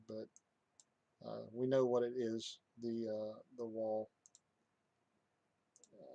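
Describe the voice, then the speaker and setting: A man giving a casual software walkthrough, hesitant, with many fillers and restarts. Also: medium pitch, no echo. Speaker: software reviewer. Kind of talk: casual screen-recorded tutorial.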